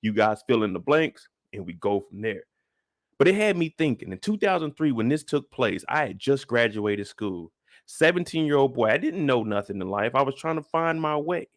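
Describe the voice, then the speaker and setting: A man's voice: medium pitch, big pitch swings, normal speed, dry recording, studio quality. A man in his thirties hosting a live stream, chatting loosely in slang and greeting viewers by name. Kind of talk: casual live-stream review chat.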